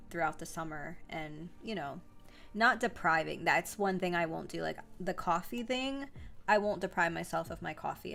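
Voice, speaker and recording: A young adult woman hosting a live stream, chatting casually in a rambling way with lots of fillers and restarts. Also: fairly low pitch. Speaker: livestream host. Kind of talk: casual livestream chat.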